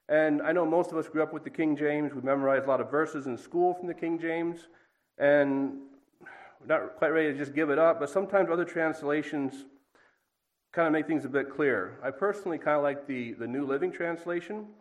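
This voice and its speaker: A man's voice: mid-range voice, rough recording. A middle-aged man reading a passage of scripture aloud, then giving a plain, conversational devotional talk with a dry aside now and then. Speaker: preacher.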